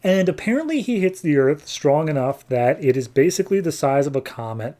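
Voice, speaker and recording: A man's voice: on the high side, big pitch swings, a little fast, mellow. A man hosting a podcast, recapping a comic book in a chatty, loose way with lots of fillers. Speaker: podcast host. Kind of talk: casual comic book review.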